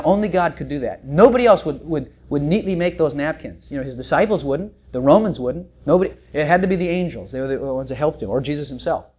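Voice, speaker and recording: Preacher, casual sermon storyteller; jokey, repeats himself, stammers restarts. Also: mid-range voice. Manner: folksy, animated storytelling with joking asides; swings between loud bursts and quiet asides. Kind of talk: sermon, Bible teaching.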